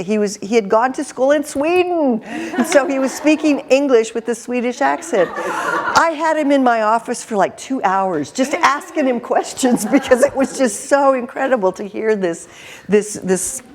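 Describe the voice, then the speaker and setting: A woman in her fifties, a career counselor, telling lively stories in an interview with an intense manner and frequent laughter. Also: fairly high pitch, unhurried. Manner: animated, laughing storyteller. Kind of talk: storytelling in an interview.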